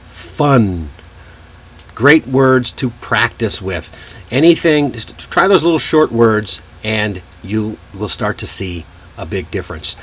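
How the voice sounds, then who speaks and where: A man gives a relaxed pronunciation lesson at an unhurried pace, with a middle-pitched voice. He stretches out sounds and repeats practice words one by one, like a patient tutor. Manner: slow, demonstrative, repeats example words. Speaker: English pronunciation teacher. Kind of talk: casual spoken lesson. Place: in Korea.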